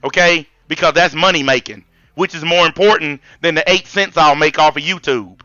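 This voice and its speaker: A brash Southern man, high and bright. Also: moderate pace, dry recording, muffled recording. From American South. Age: 40s. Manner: blunt, profane, combative ranting. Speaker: channel host. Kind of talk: heated live-stream debate.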